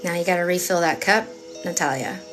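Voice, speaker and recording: A woman's voice: fairly low pitch, animated, brisk, faint music behind. A woman giving a live-stream tarot reading in a chatty, emphatic, rambling way with many fillers. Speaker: tarot reader.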